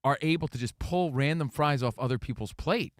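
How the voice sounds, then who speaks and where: A man's voice: a little fast, no room sound. A man co-hosting a sports radio show, telling stories with a lot of energy and acting out the people in them. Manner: animated storyteller, acts out quotes in high voices. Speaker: radio co-host. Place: radio studio. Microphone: studio mic.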